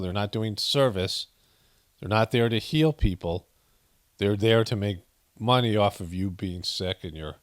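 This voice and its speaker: A man's voice: lowish voice, no room sound, studio quality. A man hosting a casual news commentary, reading headlines and riffing on them sarcastically with many "you know" and "right?" asides. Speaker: commentary host.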